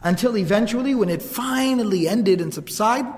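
A man preaching a story in a lively, dramatic manner, often acting out the people in it. His voice sits high and bright. A long hall reverb trails after his words. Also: normal speed. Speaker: preacher narrating seerah. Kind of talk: storytelling sermon.

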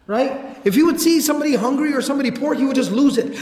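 Man, high voice, casual storytelling lecture, animated, echoey hall. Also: fast talker, hardly any pauses. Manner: conversational, animated, slangy asides. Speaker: religious lecturer.

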